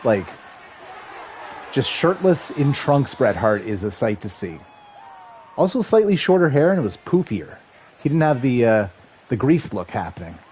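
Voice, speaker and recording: A man in his thirties streaming a football video game, calling the plays and chatting with viewers in a rambling, excitable way. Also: medium pitch, normal speed, pauses often, breathy edge. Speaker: livestream gamer and commentator. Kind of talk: casual play-by-play chat with chat.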